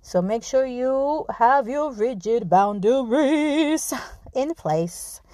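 A woman hosting her own podcast in casual talk, blunt and animated, swearing freely and often restarting her sentences. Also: high voice, slow, dry recording. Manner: restarts and repeats words often. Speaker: podcast host. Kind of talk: casual spoken monologue.

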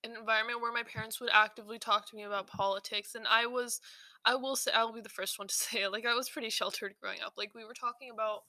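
A woman's voice: fairly high pitch, steady tone, quick pace, pushed and bright, dry recording. A young woman hosting a podcast in a casual, rambling chat, full of fillers and restarts. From South Asia. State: slightly out of breath while eating. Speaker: podcast host.

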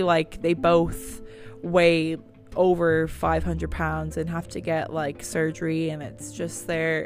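A young woman rambles through podcast updates in a casual, chatty way, her voice low-set with a gravelly fry at the ends of phrases. A little music sits faintly underneath. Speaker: podcast host. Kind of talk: casual chat. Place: at home.

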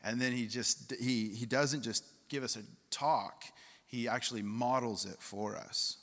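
A man preaches a sermon in a casual, conversational manner, often turning questions over to the congregation. His voice is bright and forceful, with a mid pitch. The sound carries the long reverb of a church hall. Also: steady tone, a little slow. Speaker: pastor.

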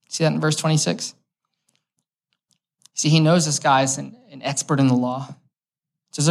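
A man's voice: fairly high pitch, steady tone, moderate pace, vocal fry, long pauses. A young man preaches in an easygoing, conversational way, as if chatting with the room. He moves between explaining a passage and telling a personal story, with light humor along the way. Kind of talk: conversational sermon.

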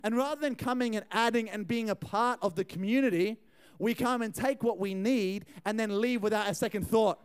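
A young man giving a youth sermon, telling a funny story in a chatty, animated way and talking to the crowd. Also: high voice, a little fast, clean tone. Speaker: youth pastor.

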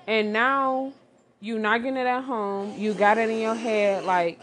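A woman's voice: a little high, measured pace. Blunt woman giving relationship advice. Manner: blunt, animated, talks straight to the listener. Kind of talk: casual opinion commentary.

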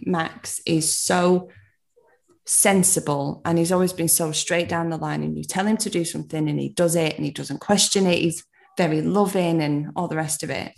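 A British woman in her thirties chats casually as a podcast guest, laughing often and swearing lightly. Her voice sits low, with a creaky, darkish tone.

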